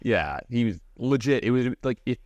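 A man's voice: mid-range voice, dull audio, slight background noise. A man co-hosting a podcast, telling a story in a casual chat with lots of fillers and restarts. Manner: fast, animated storytelling with many fillers. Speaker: podcast co-host.

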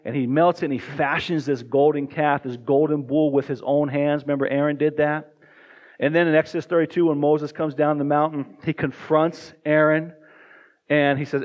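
A man's voice: a little high, fairly even intonation, a little fast. A male pastor preaching a sermon in a conversational way and often asking the congregation questions. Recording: dull lo-fi recording.

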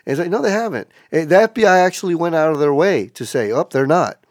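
Guy on a podcast, kinda high voice, cussing a lot, all worked up telling stories, dead dry sound. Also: fast, no room sound. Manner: profane, animated storytelling. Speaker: podcast guest. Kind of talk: casual chat.

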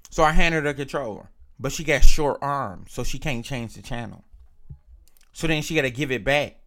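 A man's voice: mid-range voice, moderate pace, pushed and bright. A young man casually telling a profane story, acting out both sides of an argument.

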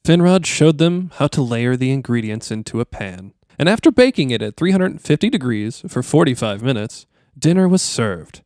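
A man's voice: medium pitch, expressive, moderate pace, hardly any pauses, darkish tone, no room sound, clean studio sound. A man with a Midwestern accent co-hosting a podcast, telling a story loosely and asking curious questions. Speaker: podcast co-host. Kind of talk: casual chat and retelling.

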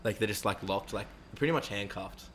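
Fast-talking young man, swearing. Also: on the low side, a bit bright, slight background noise. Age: young adult. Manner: fast, rambling, acts out quoted voices. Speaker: interviewee. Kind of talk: casual storytelling with heavy swearing.

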